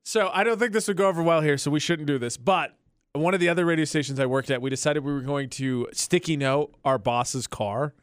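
A man's voice: on the high side, brisk, clean tone, no echo, clean studio sound. A man hosting a morning radio show, telling stories in casual banter and laughing often. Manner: storytelling, laughs often, animated. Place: radio studio. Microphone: studio microphone.

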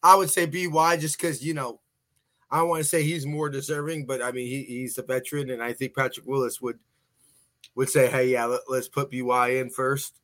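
A man's voice: mid-range voice, flat delivery, moderate pace, fairly bright tone. A man hosting a casual sports podcast, chatty and folksy, often restarting his sentences and sounding a bit tired. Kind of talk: casual sports talk show.

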